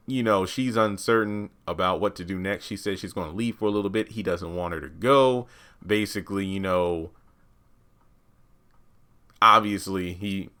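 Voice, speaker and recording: A man's voice: low voice, sharp tone. Chatty man recapping a TV episode. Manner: chatty, uses many fillers, acts out quotes. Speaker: TV recap host.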